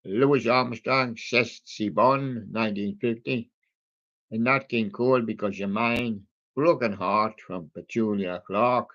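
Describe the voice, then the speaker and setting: Man, unhurried talk, rambling and jokey, muffled lo-fi audio. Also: on the low side, fairly bright tone. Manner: slow, rambling and jokey, with many ums and asides. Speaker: livestream host reading out a music playlist. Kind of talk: casual running commentary between old songs.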